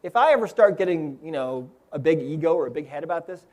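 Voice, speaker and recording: A man's voice: fairly high pitch, animated, quick pace, darkish tone. A man giving an inspirational seminar talk, telling a story earnestly and often checking in with the audience. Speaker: seminar speaker. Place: seminar room with live audience.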